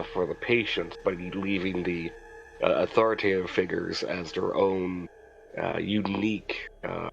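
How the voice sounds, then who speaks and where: Deep gravelly man with a dull mic. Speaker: player. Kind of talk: narrating his character in a tabletop game.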